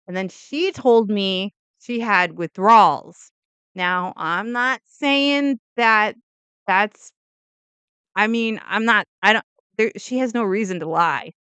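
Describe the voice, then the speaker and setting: A woman's voice: mid-range voice, a bit bright, clean tone, no room sound. A woman casually telling a true crime story as a vlogger, rambling with lots of "like" and opinionated asides and disclaimers. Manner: rambling, heavy use of "like", self-interrupting asides.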